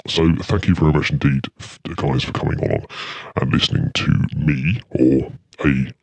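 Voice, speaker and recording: A man's voice: a bass voice, moderate pace, darkish tone, dry recording. A man hosting an internet radio show, chatting casually between tracks in a dry, rambling, self-mocking way. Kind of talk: casual radio chat and music links.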